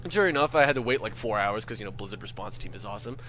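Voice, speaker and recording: A young man telling a comic gaming story as a rant, jumping into loud quoted voices. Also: lowish voice, racing. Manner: animated, swings into shouted quoted voices. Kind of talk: comedic gamer rant.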